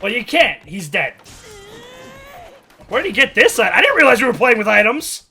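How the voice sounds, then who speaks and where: Male reaction host, high and animated, unhurried delivery, casual and profane. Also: husky. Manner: excitable, swears freely, frequent laughter. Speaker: anime reaction channel host.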